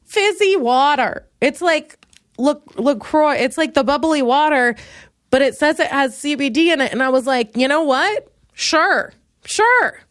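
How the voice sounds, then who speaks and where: Speaking at a moderate pace, a woman in her twenties from Minnesota hosts a comedy podcast by herself, recorded at studio quality without echo. She rambles, mocks herself, and veers from low mumbles to loud bursts.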